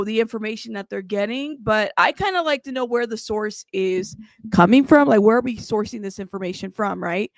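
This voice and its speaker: Host, woman, slightly high voice, breathless casual livestream chatter, dry close sound. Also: no room sound. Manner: chatty, breathless, thanks chat often. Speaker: true crime news livestream host.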